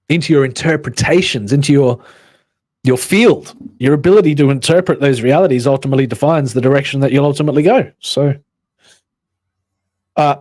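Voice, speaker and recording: Male stream host, mid-pitched, dry close sound, loose musing delivery with restarts. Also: darkish tone, no room sound. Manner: musing, halting, reads chat aloud. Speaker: livestream host. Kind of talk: rambling livestream commentary.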